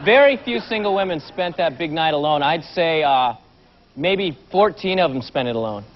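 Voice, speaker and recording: A man's voice: fairly high pitch, animated, moderate pace. A man competing on a game show, answering hesitantly with ums and uhs. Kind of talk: casual chat. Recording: dull old TV tape, studio audience.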